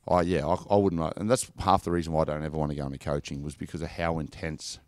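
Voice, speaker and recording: An Australian man in his thirties telling stories from his football career in a relaxed, rambling podcast chat. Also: very deep voice, fast, no echo, clean studio sound. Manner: laid-back storytelling, lots of "like" and "mate". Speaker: former professional footballer guest.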